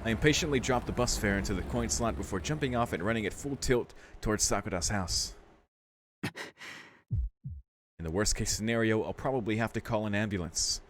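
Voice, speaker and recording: A man's voice: lowish voice, moderate pace, a little hiss or hum. A man hosting a let's play, reading a visual novel's text aloud and breaking off to react casually, now and then with a swear. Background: faint game music.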